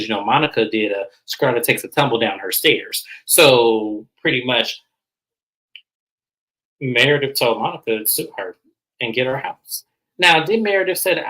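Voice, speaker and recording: A man recapping a reality show in a blunt, gossipy, animated way, casual chat. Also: mid-range voice, poor audio.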